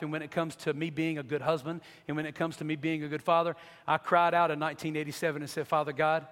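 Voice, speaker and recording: A man's voice: fairly high pitch, fairly bright tone, big-room sound. A man from North Carolina, giving an earnest, emotional church testimony as a guest speaker. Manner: earnest, emotional storytelling, building to impassioned pleas.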